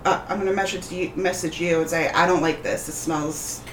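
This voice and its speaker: A woman's voice: lowish voice, fairly even intonation, slight background noise. Woman player asking pointed questions. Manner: quick, questioning, suspicious. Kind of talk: tabletop game play. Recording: roomy echo.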